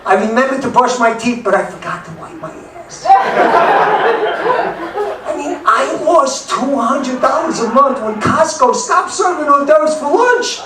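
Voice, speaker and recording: A man, doing a blunt stand-up set in a club, with sudden loud outbursts. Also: very high voice, lively intonation, measured pace, over a noisy crowd. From New York. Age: 70s. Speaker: stand-up comic. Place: comedy club in Denver. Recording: echoey club from far off, background noise.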